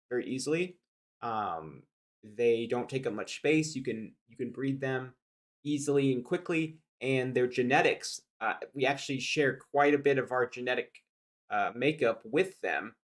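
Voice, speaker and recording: A man hosting a livestream, giving casual spoken commentary with many fillers and asides. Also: medium pitch. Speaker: livestream host reacting to a debate video.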